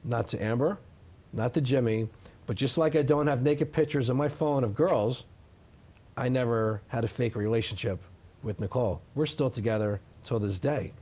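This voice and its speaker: Brief: thirties male interviewee, insistent and defensive, ordinary middle pitch. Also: moderate pace, a little mellow. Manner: emphatic, defensive, repeats "okay?". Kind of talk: sit-down interview.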